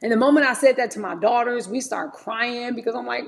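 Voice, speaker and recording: A livestream host in her 40s speaks quickly in a slightly high voice with vocal fry. She chats candidly while cutting up fruit, frequently saying "y'all" to her viewers.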